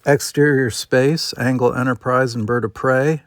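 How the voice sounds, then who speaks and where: A man reading screenplay stage directions aloud in a plain, steady manner. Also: medium pitch, unhurried, no echo, clean studio sound. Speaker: script reader.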